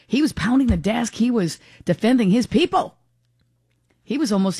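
A woman hosting a talk radio show, commenting in an animated, exclaiming way and taking calls. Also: a little high, moderate pace, slightly rough, no room sound, clean studio sound. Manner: animated, exclaiming, laughing between remarks.

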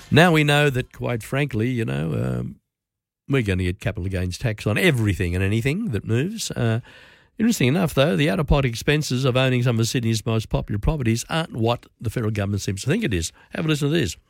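A man's voice: mid-range voice, gravelly, no echo, clean studio sound. A man with an Australian accent hosting talk radio, giving opinionated commentary in a conversational way and reeling off figures with asides. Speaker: radio host.

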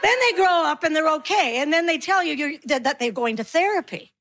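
A middle-aged woman performing a stand-up comedy routine, animated, acting out her kids and herself in voices. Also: high voice, fairly quick, slight background noise. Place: stage before a laughing audience.

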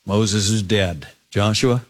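A man teaching a sermon, reading scripture aloud and stopping to comment with emphatic rises and hushed drops. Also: on the low side, slow pace. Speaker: pastor.

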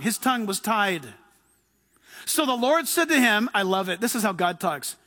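A man's voice: very high voice, animated, normal speed, sharp tone. A man preaching a sermon to his congregation, emphatic, acting out the people in the scriptures he quotes. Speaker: pastor. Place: church before a live congregation. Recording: long hall reverb.

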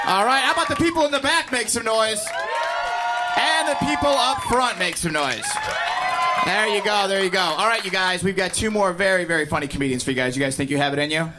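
A fairly high-voiced man hosts a comedy night and works the room with teasing, energetic banter. Heavy crowd noise and loud background din fill the recording. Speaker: comedy show host. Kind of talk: hyping up a live crowd. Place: comedy club stage. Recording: loud noisy club with crowd.

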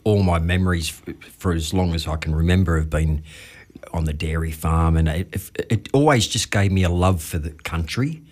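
A man's voice: sits low, moderate pace, a little mellow. An Australian man hosting a podcast, telling laid-back stories in casual chat and chuckling along. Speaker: podcast host.

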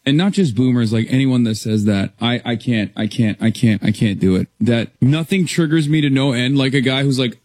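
A man's voice: mid-range voice, moderate pace, few pauses, darkish tone, no echo. A man ranting in exasperated, profane commentary, repeating himself over and over.

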